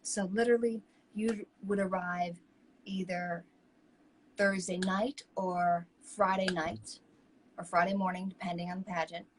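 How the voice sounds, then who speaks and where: A woman's voice: on the low side, unhurried, a little hiss or hum, poor audio. Chatty woman co-host telling stories. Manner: animated, chatty, acts out quoted people. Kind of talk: casual chat, personal storytelling.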